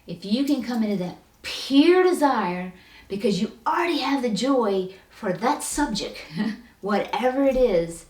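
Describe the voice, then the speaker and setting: A woman giving a spiritual self-help talk in a lively, animated way, often acting out quoted voices. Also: a little high, measured pace. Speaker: spiritual coach. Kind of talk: motivational talk. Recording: roomy echo, distant from the mic.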